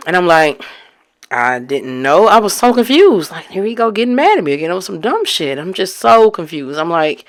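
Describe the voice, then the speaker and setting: A woman's voice: fairly low pitch, big pitch swings, moderate pace. A woman casually telling a story from her own life and acting out both sides of the talk with rising exasperation. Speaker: storyteller recounting her own past relationship.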